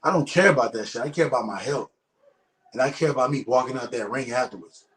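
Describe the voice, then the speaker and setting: A man's voice: mid-range voice, quick pace, fairly bright tone. A man, a retired professional boxer, talking bluntly and casually as an interview guest, with frequent swearing. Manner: blunt, profane, emphatic. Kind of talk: casual conversation. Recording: echoey room.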